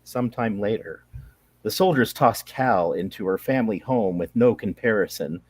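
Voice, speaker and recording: Brief: male author, lowish voice, halting explainer turned story narrator. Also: expressive, husky, no room sound. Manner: hesitant with fillers when explaining. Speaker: author reading his story. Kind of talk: casual setup then read-aloud narration.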